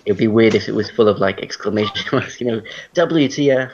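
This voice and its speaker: Male tutor, casual explainer, deep gravelly voice, dull call audio. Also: fast, slight background noise. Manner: relaxed, explains with spoken examples. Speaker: English tutor. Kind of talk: online class explanation. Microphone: video call.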